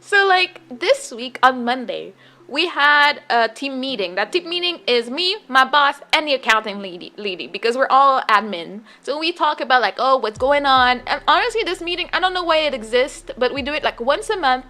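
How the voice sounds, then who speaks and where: A woman's voice: high-pitched, expressive, normal speed, bright, forceful tone. A young adult woman streamer telling a work story in casual chat, rambling and full of filler words and restarts.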